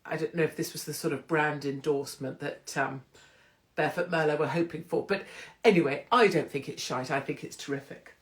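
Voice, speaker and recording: A woman's voice: deep voice, brisk. Chatty, irreverent British-accented woman hosting a live stream. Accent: British English. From England. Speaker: host of a live-streamed show. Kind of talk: casual live-stream chat. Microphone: phone or computer live stream.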